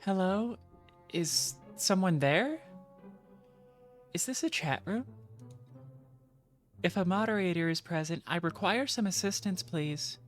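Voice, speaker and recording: A woman voicing a polite, nervous stranger reaching out over a chat screen in a game, pleading for help in a formal, halting way. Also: on the low side, animated, faint music behind, pitched above the performer's own voice. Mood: anxious, polite.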